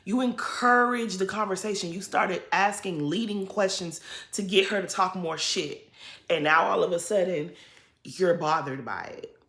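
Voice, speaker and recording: A woman's voice: lowish voice, normal speed, a bit bright, roomy sound. A woman giving blunt, sassy commentary on a reality show in a casual recap.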